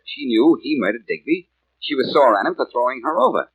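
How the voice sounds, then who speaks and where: A wisecracking radio detective. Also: male voice, medium pitch, lively intonation, breathy edge, no room sound, muffled recording. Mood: wry. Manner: quick wisecracks. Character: wisecracking male detective, cool and flippant. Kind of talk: 1940s radio acting.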